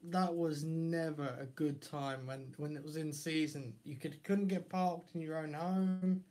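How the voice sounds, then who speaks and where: A man's voice: a little high, steady tone, unhurried, warm tone. Teasing man streaming live. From Essex, England. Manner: teasing, jokey banter with his kid. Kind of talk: casual live-stream chat.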